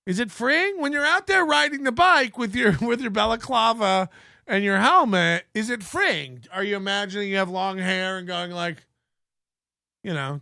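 A sarcastic male host rants slowly through comic commentary, piling up profane rhetorical questions and laughing at his own jokes. His voice sits high and bright with a gravelly fry. The recording is dry and close. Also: expressive, no echo. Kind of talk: casual comedic commentary rant.

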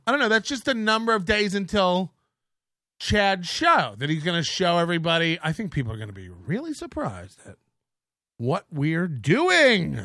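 Excitable male host, mocking and laughing, bright edgy tone. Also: sits high, moderate pace, no echo, clean studio sound. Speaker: podcast host. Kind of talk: ranting commentary.

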